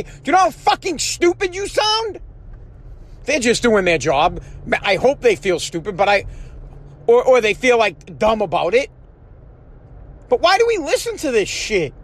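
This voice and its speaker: High-voiced man ranting angrily in a car. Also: a bit bright. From United States. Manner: aggravated, profane ranting with frequent restarts. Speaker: podcast host. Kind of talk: ranting solo podcast. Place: in a parked car.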